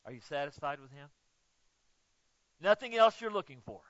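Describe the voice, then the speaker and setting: High-voiced preacher swinging loud to soft. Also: male voice, big pitch swings, moderate pace, dry recording. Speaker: pastor. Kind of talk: sermon. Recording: dull, muffled, dry sound.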